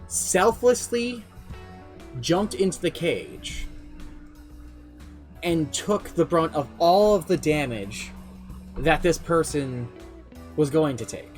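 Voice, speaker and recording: Male streamer narrating his campaign, animated, a bit high-pitched, soft music bed. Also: slow pace, pauses often. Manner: animated, swearing, shifts pace often. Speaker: streamer and game master. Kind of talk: casual storytelling recap. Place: home streaming setup.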